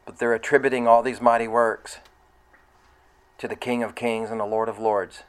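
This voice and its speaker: Male preacher, mid-pitched, plain delivery, verse-by-verse sermon that sometimes builds to loud excitement. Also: moderate pace, clear, resonant tone, poor audio. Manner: conversational, rising to loud excited retelling.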